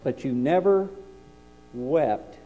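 A man preaching a sermon, climbing into impassioned high peaks and then dropping low and quiet. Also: animated, slow. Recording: dull lo-fi recording with mains hum.

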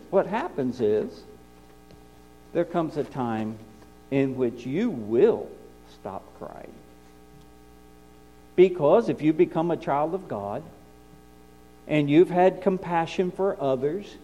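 A male preacher delivering a sermon in a high, unhurried voice with a mellow tone. He swings between impassioned peaks and quiet, low passages. The recording is dull and lo-fi, with a steady mains hum underneath.

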